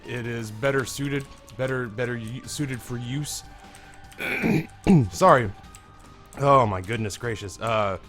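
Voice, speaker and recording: This is a young man with a hoarse, strained voice, commentating on his own gameplay as a let's play host. He rambles candidly and swears casually, sitting at an ordinary middle pitch. A little music plays quietly behind him. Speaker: gaming video host.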